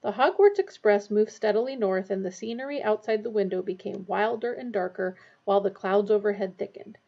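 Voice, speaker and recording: Woman narrator for a storybook, steady and expressive, recorded with a dull lo-fi sound. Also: mid-range voice, brisk. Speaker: audiobook reader.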